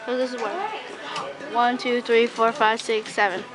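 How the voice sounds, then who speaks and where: A goofy young woman with a high voice jokes around with a friend, stretching her words into a silly put-on accent. Shoppers' chatter and music play clearly behind her. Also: little pitch movement, normal speed, poor audio. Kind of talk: casual chat.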